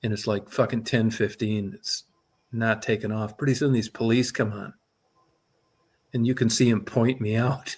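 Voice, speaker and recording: A middle-aged man telling a long personal story in casual talk, swearing often and speaking with animated energy. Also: lowish voice, moderate pace, breathy edge.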